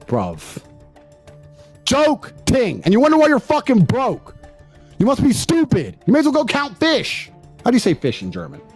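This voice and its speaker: A man in a mocking, profane rant, swinging between near-shouts and low muttering. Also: wildly swooping pitch, moderate pace, slightly rough, faint music behind. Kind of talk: ranting monologue.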